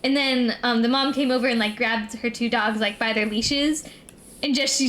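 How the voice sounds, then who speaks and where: A woman's voice: a little high, steady tone, normal speed, fairly bright tone. A young adult woman streamer telling a long rambling story in casual chat, full of "like" and "um". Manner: rambling, filler-heavy storytelling.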